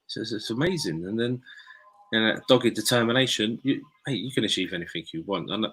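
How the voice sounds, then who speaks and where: A man's voice: fairly low pitch, a little fast, fairly bright tone, husky. A man hosting a casual chat, encouraging and rambling with restarts. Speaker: host.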